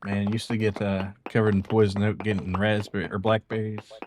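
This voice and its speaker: While streaming a game, a man with a fairly low voice and little pitch movement chats casually at a slightly fast pace, tossing in laid-back, mumbled asides. The stream audio is hissy and has clicks.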